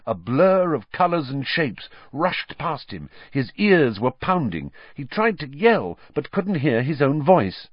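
A man reading a story aloud as an audiobook narrator in a measured, expressive way. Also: a little high, dry recording, muffled recording. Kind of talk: scripted narration.

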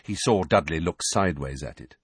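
Husky-voiced male storybook narrator. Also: very deep voice, a little fast, no echo. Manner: expressive storytelling. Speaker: audiobook narrator. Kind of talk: scripted narration.

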